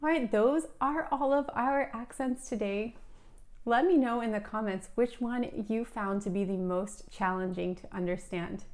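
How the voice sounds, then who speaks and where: A woman from Alabama teaching English, explaining clearly and steadily to viewers. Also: on the high side, a little slow, a little mellow.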